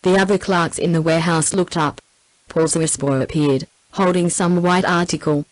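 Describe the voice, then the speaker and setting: Australian female TTS narrator, low and level, dry close sound, steady audiobook read. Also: normal speed, no room sound, rough recording. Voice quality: even synthetic text-to-speech delivery. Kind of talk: scripted narration.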